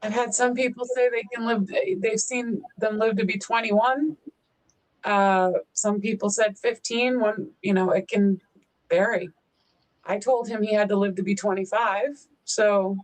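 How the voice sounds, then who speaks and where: A woman's voice: medium pitch, fairly even intonation, unhurried, rough recording. A woman co-hosting a casual live-stream chat, talking fondly and in baby-talk to her dog between stories. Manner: baby-talks to her dog, chatty and fond. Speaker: co-host.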